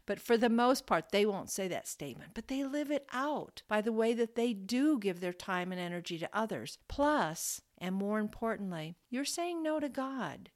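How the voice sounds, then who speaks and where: A woman's voice: medium pitch, animated, normal speed, few pauses. A woman co-hosting a marriage podcast, reading in an earnest, passionate way. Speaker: podcast co-host.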